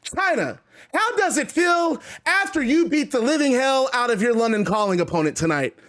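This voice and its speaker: A man's voice: very high voice, lively intonation, moderate pace, fairly bright tone. A man voicing a smug, cocky female wrestling champion who mocks and schemes.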